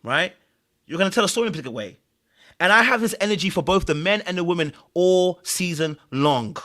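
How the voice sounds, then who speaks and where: A man's voice: high voice, fast. A man hosting a podcast, giving emphatic commentary on a reality show and acting out the people he quotes. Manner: animated, emphatic, acts out quotes. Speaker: podcast host.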